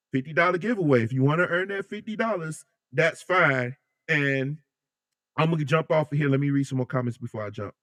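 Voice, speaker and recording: Animated, joking man hosting a livestream. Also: mid-range voice, no echo, studio quality. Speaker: livestream host. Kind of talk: casual live chat reading comments.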